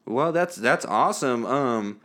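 A man's voice: mid-range voice, lively intonation, a little slow, fairly bright tone. A man hosting a podcast, laid-back and chuckling, stumbling over his words in casual chat. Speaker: podcast host.

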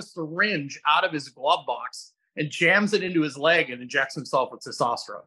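Bright-voiced middle-aged man telling stories. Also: medium pitch, normal speed, slightly rough. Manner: animated storyteller who acts out other people's voices; rambling, with many restarts. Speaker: fitness coach and guest host. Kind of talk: casual podcast chat.

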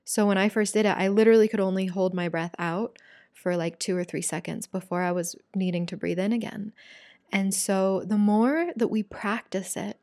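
A young woman leads a breathwork lesson in a calm, hushed voice that turns chatty and candid when she explains. Her pitch sits in a middling range, and the sound is close and dry with no room echo. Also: normal speed. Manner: calm, soft-spoken, casual and candid. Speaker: breathwork and yoga teacher.

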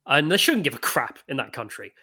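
A young man telling stories in a casual conversation, blunt and quick to swear. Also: mid-range voice, slightly rough. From United Kingdom. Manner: animated storyteller, blunt and swearing.

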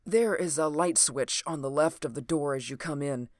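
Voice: medium pitch, moderate pace, no room sound, close to an everyday voice. A reader voicing a wounded middle-aged man who is dying and speaks faintly between urgent pleas, in a dry close recording. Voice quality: faint, gasping.

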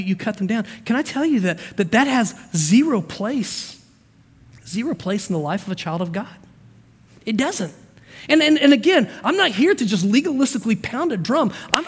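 A man preaching a sermon as pastor, telling stories softly, then pressing his points with emphasis. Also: sits high, breathy edge, in a large hall. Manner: preaching with stories, swings from soft storytelling to emphatic.

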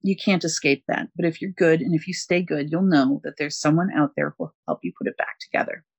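A man's voice: a little high, brisk, slightly rough, no echo, dull audio. A man voicing an older male friend who consoles a younger man in a breezy, streetwise way. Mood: reassuring. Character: gruff older male friend, reassuring mentor.

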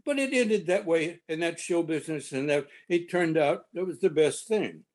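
Older man telling a halting anecdote. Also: on the high side, darkish tone. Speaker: panel guest reminiscing. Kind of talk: casual storytelling.

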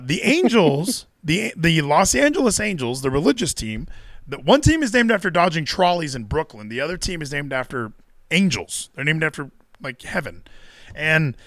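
Male co-host, lively sarcastic ranter, a touch high-pitched, dry close mic. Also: moderate pace, no echo. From Texas. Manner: animated, sarcastic ranting. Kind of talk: casual podcast chat.

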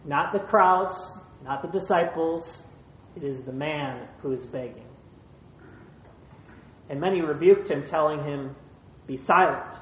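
A pastor preaching a sermon in short, measured phrases, retelling a scripture passage. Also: medium pitch, a little hiss or hum. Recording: roomy echo.

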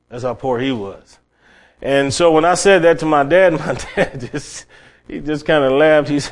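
A middle-aged man preaches a sermon at a moderate pace in a mid-range voice. He tells stories, often restarting and repeating his words.

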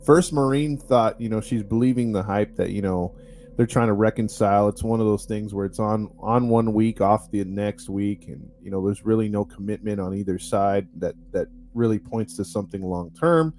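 Man, podcast host, mellow dark voice, fairly low, rambling wry storytelling. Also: moderate pace. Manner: rambling, wry, with many fillers. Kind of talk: casual storytelling chat.

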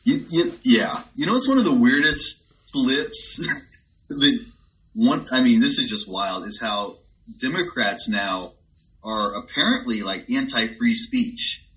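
A man's voice: mid-range voice, expressive, slow pace, fairly bright tone. Reflective man with a dull, lo-fi sound. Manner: reflective, agreeable, many fillers. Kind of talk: casual conversation.

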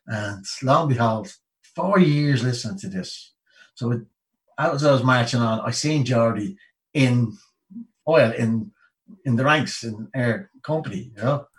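An Irish man in his fifties, a guest telling a lively story in a casual way and acting out the people he quotes. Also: mid-range voice, a little slow, recorded from a distance, poor audio. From Ireland. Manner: lively anecdote-telling, acts out the people he quotes, many "you know"s.

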